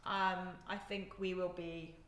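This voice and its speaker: A woman's voice: lowish voice, flat delivery, slow, a bit bright. A young woman chats through a cooking live stream, laughing easily and talking to viewers as she moves around. She is recorded in an echoey home kitchen, and a faint noise sits under her voice. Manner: chatty, giggly, talks to viewers while moving around the kitchen. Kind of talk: casual live-stream chat while cooking.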